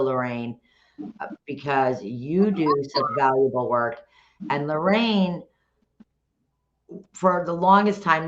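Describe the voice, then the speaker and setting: A talkative woman hosting a casual chat, a former dog trainer who calls herself a loudmouth, rambling in an animated way. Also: deep voice. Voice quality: loud, talkative. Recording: dull lo-fi sound, faint noise.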